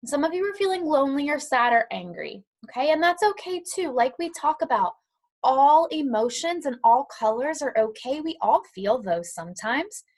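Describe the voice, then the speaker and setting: Woman, teacher, bright higher voice, gentle and encouraging, explaining to little kids. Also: lively intonation, normal speed. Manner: warm, encouraging teacher talk to young children. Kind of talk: online class lesson and read-aloud. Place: at home, dog nearby.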